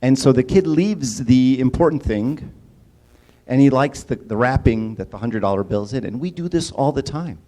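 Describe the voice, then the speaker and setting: In a sermon-style talk, a male church speaker with a medium-pitched, mellow voice sounds animated and moves at a moderate pace. His manner is casual, and he draws the audience in with frequent questions and repeated "right?"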